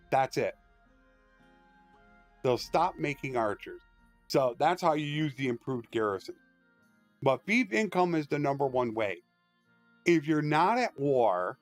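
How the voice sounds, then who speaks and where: A gaming streamer with a mid-range voice gives loose, rambling live commentary on a strategy game, explaining tactics and ranting with strong opinions. The recording is dry and close-miked, with faint music behind him.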